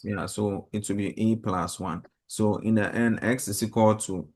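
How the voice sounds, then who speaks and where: A man's voice: fairly low pitch, fairly even intonation, normal speed, darkish tone. A man teaching a mathematics lesson to a class, explaining step by step and quizzing the students.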